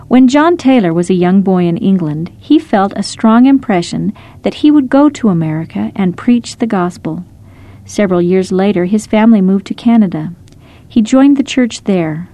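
A woman narrating short scripted stories in a gentle, measured storytelling manner. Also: medium pitch.

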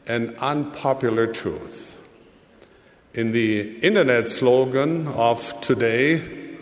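A man giving a sermon in a measured, deliberate way, with his voice rising and falling for emphasis. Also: medium pitch. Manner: slow, measured delivery with dramatic rises and drops. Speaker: church leader. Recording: long hall reverb.

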